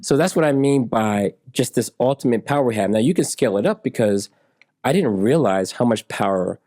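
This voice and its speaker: A man in his forties, an interview guest, telling stories in a relaxed way and acting out the people in them. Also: mid-range voice, brisk, no echo, clean studio sound. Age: 40s. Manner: animated storyteller who acts out dialogue in raised voices. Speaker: interview guest, software engineer.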